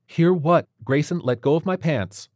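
A man voices a tired, impatient young mother, speaking curtly and wearily in a lightly acted performance pitched above his natural voice. His tone is on the high side and a little mellow, at normal speed, in a studio-quality recording with no room sound.

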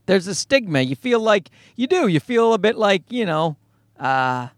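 A man's voice: high voice, very animated, moderate pace, dry recording, studio quality. A man hosting a podcast, rambling through a profane comedic monologue with bursts of mocking put-on voices. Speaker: podcast host.

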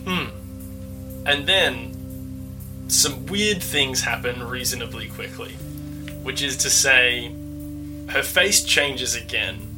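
A man's voice: medium pitch, slow pace, long pauses, music in the background. A man running a tabletop game as game master, narrating scenes in a casual, descriptive way with lots of "like".

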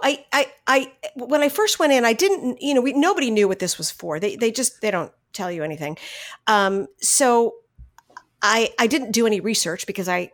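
A middle-aged woman, a voice actress, telling stories from her career in a casual interview, animated, laughing often and restarting her sentences. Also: on the high side. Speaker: voice actress guest.

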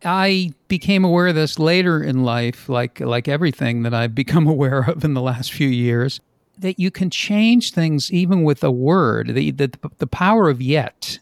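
Older man with a gravelly voice. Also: fairly high pitch, animated, moderate pace, no room sound, clean studio sound. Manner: joking, rambling with restarts. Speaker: host. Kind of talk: casual interview chat.

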